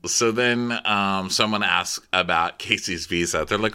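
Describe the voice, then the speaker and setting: A man co-hosting a podcast, casually recapping a reality show and mimicking the cast in high voices. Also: measured pace, sharp tone, smooth. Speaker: podcast co-host.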